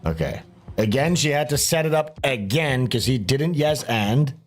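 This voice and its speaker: A man hosting a stream, giving casual reaction commentary in an animated, mocking way and laughing often. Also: medium pitch, moderate pace, faint music behind. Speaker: streamer host.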